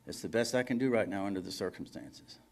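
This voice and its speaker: An author reading fiction aloud, voicing a tired, reluctant woman who works a phone-sex line, in a flat manner. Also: fairly low pitch, quick pace, close to an everyday voice. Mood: weary.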